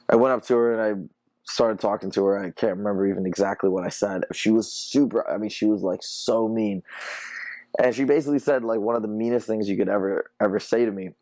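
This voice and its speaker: A man's voice: fairly low pitch, darkish tone, no room sound. A young man hosting a dating-advice podcast in a casual monologue, laid-back and laughing often as he tells stories. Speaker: dating coach podcast host.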